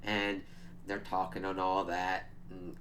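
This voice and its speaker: A man's voice: low-pitched, completely flat delivery, slow pace, a bit bright, a little hiss or hum. A man giving a casual, chatty spoiler recap of a TV episode, swearing freely and laughing as he retells scenes. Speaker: show reviewer.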